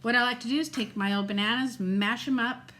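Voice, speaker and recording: A middle-aged woman chatting casually in a home vlog, animated and quick to laugh. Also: on the high side, a little hiss or hum. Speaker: vlogger. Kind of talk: casual chat.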